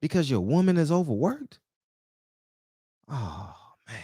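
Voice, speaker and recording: Fired-up man preaching with lively pitch. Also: a little slow, husky, no echo, studio quality. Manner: preachy, confrontational, repeats rhetorical questions. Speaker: barbershop talk show host. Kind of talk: heated casual monologue.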